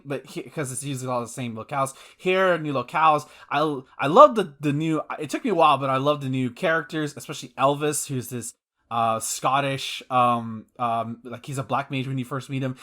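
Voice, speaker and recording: A man's voice: medium pitch, bright, forceful tone. A man co-hosting a gaming podcast in casual chat, rambling with many fillers and restarts, enthusiastic and swearing casually. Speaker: podcast co-host.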